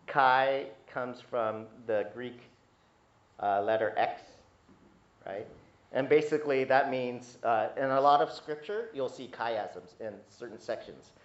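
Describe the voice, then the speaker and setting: A man preaching a sermon as pastor, teaching in a conversational way with asides and restarts, pitch climbing when he grows emphatic. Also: takes it slowly. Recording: echoey hall, dull lo-fi sound.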